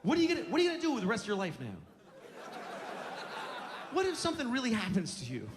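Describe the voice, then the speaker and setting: A man's voice: extremely high pitch, huge pitch swings, fast talker. A man doing stand-up comedy on a stage mic, ranting sarcastically with plenty of swearing. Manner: profane, sarcastic ranting that builds to outbursts. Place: comedy stage with a live audience. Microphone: handheld stage mic. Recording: noisy live stage recording.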